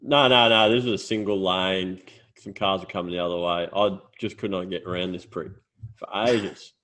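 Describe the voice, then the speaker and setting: A man's voice: low voice, fairly even intonation, normal speed, a bit bright, a little hiss or hum. A young Australian man co-hosting a casual podcast, telling stories with lots of swearing and laughter. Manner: storytelling, swears freely, laughs while telling. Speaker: podcast co-host. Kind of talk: casual chat.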